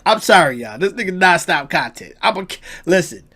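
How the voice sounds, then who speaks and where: A woman's voice: lowish voice, big pitch swings, a little fast, a bit bright, slightly rough, dry recording. A woman co-hosting a reaction show, teasing and mocking the clip. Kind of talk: casual reaction commentary.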